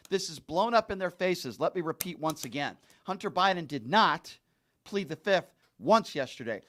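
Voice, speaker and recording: A man's voice: high-pitched, fairly bright tone. A male host delivering an angry political commentary rant, insulting and heavily emphatic.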